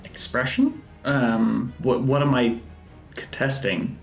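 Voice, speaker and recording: Gravelly, hesitant man role-playing. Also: medium pitch, measured pace, darkish tone, soft background music. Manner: hesitant, many ums, polite formal phrasing in character. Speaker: player. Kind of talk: in-character role-play.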